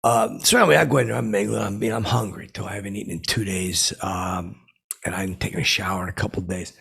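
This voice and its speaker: A man playing a belligerent, boastful washed-up guy in an in-character comedy podcast, rambling and halting with many fillers and restarts. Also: on the low side, vocal fry, fairly bright tone, husky, heavily acted.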